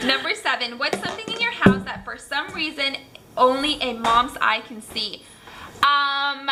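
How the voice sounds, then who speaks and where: A woman's voice: high-pitched, noisy background. A young woman, a mom, reading out tag questions at home and answering them in a chatty, candid way with many fillers. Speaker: mom vlogger. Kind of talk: casual tag video, reading questions aloud. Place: home room.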